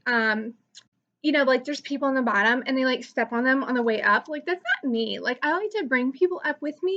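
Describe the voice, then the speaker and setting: Woman playing a bright, high-voiced valley girl YouTuber, self-absorbed and rambling, muffled lo-fi take. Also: slight background noise. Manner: says "like" constantly, gossipy rambling. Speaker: comedy channel host. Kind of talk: comic character monologue.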